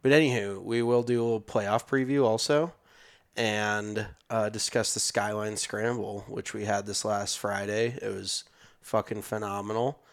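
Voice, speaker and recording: A man's voice: on the low side, fairly even intonation, moderate pace, gravelly. A man co-hosting a golf podcast, chatting casually and joking with plenty of fillers from a makeshift studio office. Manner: loose, joking, filler-heavy. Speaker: podcast co-host. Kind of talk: casual chat.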